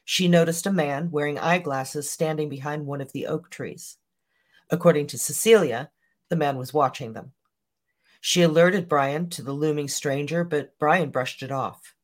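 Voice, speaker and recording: A podcast host reading a scripted true-crime story in an even, measured way. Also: mid-range voice.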